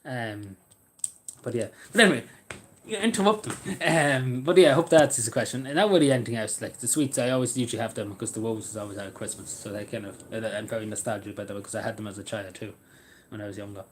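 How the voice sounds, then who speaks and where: Against slight background noise, a man with a fairly low voice talks quickly in a meandering, casual vlog. He wanders from topic to topic, curses freely, and laughs at his own jokes in this rambling live chat.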